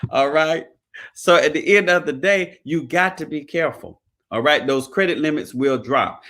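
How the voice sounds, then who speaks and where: High-voiced preachy man. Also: normal speed, sharp tone. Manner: preachy, emphatic, folksy. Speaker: credit repair business owner. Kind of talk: motivational preaching-style talk.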